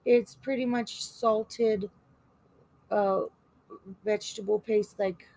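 A woman's voice: medium pitch, steady tone, slow pace, creaky, warm tone. A woman co-hosting a horror podcast, easygoing and often laughing as she explains. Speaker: podcast co-host. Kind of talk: casual chat.

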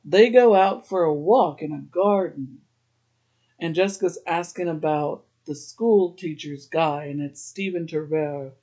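A man's voice: fairly high pitch, unhurried, mellow. A man hosting a podcast, casually recapping a TV episode, chatty, often laughing and using "like" a lot. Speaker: podcast host.

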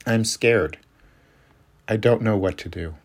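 A desperate, frightened man in his thirties pleads in a shaken voice, as an audiobook narrator reads his lines. The voice sits low. The delivery is the reader's plain tone, only lightly colored. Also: takes it slowly. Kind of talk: audiobook character reading.

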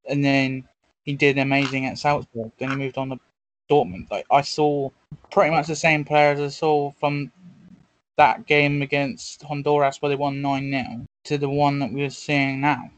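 A man's voice: medium pitch, flat delivery, moderate pace, slight background noise, low-quality recording. A man, co-hosting a casual football podcast, talking in a blunt, sceptical way. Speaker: podcast co-host.

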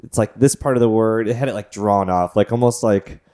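Brief: low-voiced male co-host, wry and rambling, casual podcast talk. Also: fairly quick, warm tone. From Texas. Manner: wry, rambling, many fillers. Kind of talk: casual chat.

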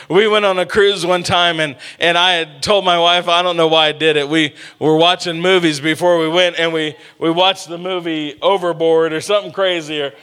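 A man preaching a storytelling sermon, animated and humorous, calling out to his congregation. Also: fairly high pitch, moderate pace, clear, resonant tone. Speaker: pastor.

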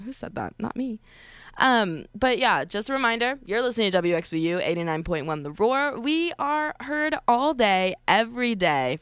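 A woman's voice: lowish voice, a bit bright, clean tone, no echo. Chatty young woman radio DJ. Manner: chatty, gossipy, laughs often. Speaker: college radio DJ. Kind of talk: casual radio chat.

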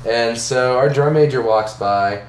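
A man's voice: medium pitch, measured pace. A young man co-hosting a podcast, telling crude stories in a rambling way with lots of fillers. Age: young adult. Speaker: podcast co-host. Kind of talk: casual storytelling chat. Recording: roomy room with faint hum.

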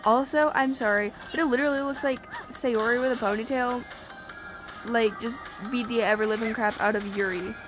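A woman giving casual let's-play commentary, excitable and chatty, swearing and joking at the game's characters. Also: fairly high pitch, normal speed, rough recording. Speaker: gaming streamer. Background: game music.

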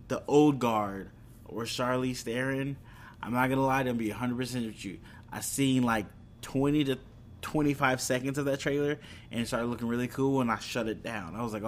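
A man's voice: medium pitch, slight background noise. A man chatting casually about anime and streaming apps, rambling and correcting himself as he goes. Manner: rambling, self-correcting, laughs at own slips. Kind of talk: casual chat.

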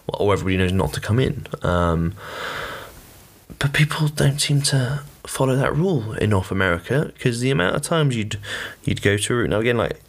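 Lively gravelly man rambling. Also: on the low side. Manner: rambling and chatty, full of fillers and blunt swearing. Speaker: podcast host. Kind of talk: casual solo podcast monologue.

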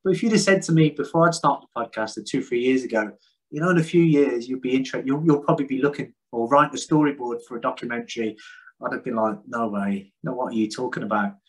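A man's voice: mid-range voice, fast, breathy edge, rough recording. A man, talking frankly and at length as a podcast guest, rambling and self-deprecating. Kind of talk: casual conversation.

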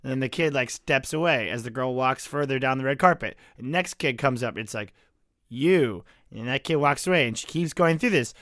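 A man's voice: mid-range voice, brisk, few pauses, a bit bright, dry recording, studio quality. A young man co-hosting a podcast, telling jokey, sarcastic stories in casual chat. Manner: joking, sarcastic storytelling. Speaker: podcast co-host.

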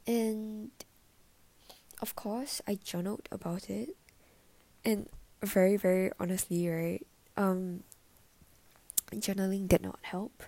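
A young woman musing in a soft, often half-whispered way, sharing personal reflections in a casual vlog. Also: medium pitch, steady tone, slow pace, pauses often, dry recording. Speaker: vlogger.

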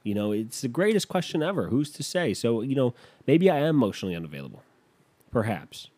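A man's voice: mid-range voice, big pitch swings, fairly quick, warm tone. A man telling a rambling, self-deprecating story in casual chat, losing his thread and picking it back up.

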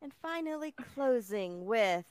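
A woman's voice: fairly high pitch, expressive, unhurried, a little mellow, smooth. A woman hosting a podcast in casual chat, gushing and playful with slang. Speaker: podcast host.

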